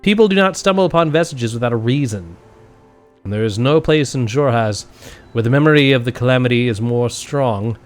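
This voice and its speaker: A man's voice: medium pitch, animated, brisk, faint music behind. A man running a tabletop game as game master, narrating and laughing often.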